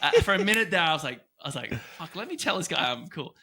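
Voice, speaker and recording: A young Australian man co-hosting a podcast, chatting casually and telling animated stories with frequent laughter. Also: fairly high pitch, fast talker, husky. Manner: animated storytelling, laughs often. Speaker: podcast co-host. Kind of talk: casual chat.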